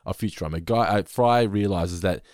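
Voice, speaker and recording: A man's voice: sits low, a little fast, a little mellow, dry recording, studio quality. A man hosting a podcast, casually chatting and recapping an episode with frequent laughs. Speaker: podcast co-host.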